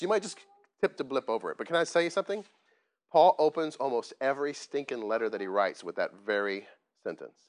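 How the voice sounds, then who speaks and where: A man's voice: fairly high pitch, expressive, fairly quick. A man preaching a sermon as pastor, plain-spoken and self-deprecating, often asking the congregation questions. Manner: conversational, asks the congregation questions.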